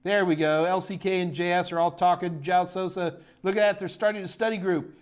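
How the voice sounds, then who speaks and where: Middle-aged male host, slightly high-pitched, loose and rambling live Q&A patter with excited spikes. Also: a little fast, hardly any pauses, smooth. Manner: rambling and chatty, full of fillers and restarts, bursts of excited enthusiasm. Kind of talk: casual live-stream Q&A chat.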